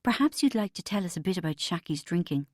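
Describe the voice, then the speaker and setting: A woman voicing a calm, firm woman therapist leading a group session in an audiobook. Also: lowish voice, quick pace, dry recording, studio quality.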